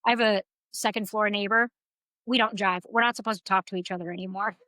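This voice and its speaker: Bright, lively woman telling a story. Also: mid-range voice, fast talker, no room sound, poor audio. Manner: animated storyteller, swears freely. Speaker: podcast co-host. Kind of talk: casual chat about a book.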